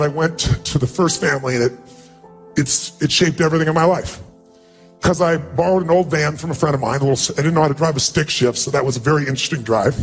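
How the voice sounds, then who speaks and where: Earnest man telling a story, faint music. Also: fairly high pitch. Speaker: motivational speaker. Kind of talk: personal storytelling speech.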